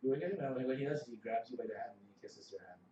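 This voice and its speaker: A man's voice: medium pitch, rapid-fire, mellow, dull audio. Man narrating a tabletop game, distant. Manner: rambling, laughing, with restarts. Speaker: game master. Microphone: camera mic. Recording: roomy, distant camera mic with faint noise.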